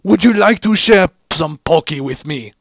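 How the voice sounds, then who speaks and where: A man's voice: fairly high pitch, lively intonation, normal speed, dry recording, studio quality, voice pushed up. A man voicing a big, affectionate male soldier who speaks in broken English, in a fan story he reads aloud.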